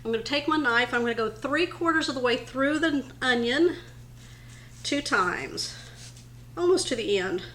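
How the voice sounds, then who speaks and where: A woman's voice: high voice, expressive, normal speed, a bit bright, slight background noise. A woman hosting a home cooking demonstration in her kitchen, talking viewers through each step in a friendly, chatty way. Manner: friendly, chatty, addresses viewers as you guys. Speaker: cooking show host.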